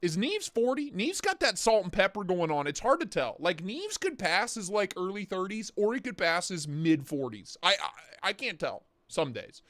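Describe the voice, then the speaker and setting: A man's voice: high voice, sing-song, moderate pace, hardly any pauses, fairly bright tone, dry recording, clean studio sound. A man in his thirties hosting a livestream, chatting casually and rambling with jokes and swearing, sore in the neck and back. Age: 30s. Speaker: livestream host.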